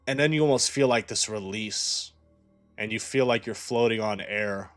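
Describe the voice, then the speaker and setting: A man's voice: fairly low pitch, normal speed, fairly bright tone, dry recording, faint music behind. A man running a tabletop game as game master, narrating casually with lots of "like".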